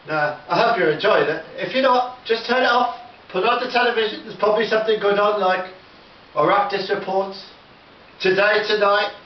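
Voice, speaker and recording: A man's voice: sits high, moderate pace, a little hiss or hum. A man doing a rambling, sweary improvised comic monologue at home, stammering through restarts. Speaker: comedy vlogger in character. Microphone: camera mic. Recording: roomy, distant, dull home recording.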